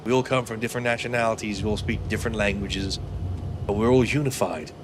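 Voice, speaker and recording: Swedish man speaking with a British accent. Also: fairly low pitch. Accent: British English, adopted. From Sweden. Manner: crude, self-mocking, swears freely. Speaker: game streamer. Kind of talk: casual gameplay commentary. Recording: voice over noisy game audio.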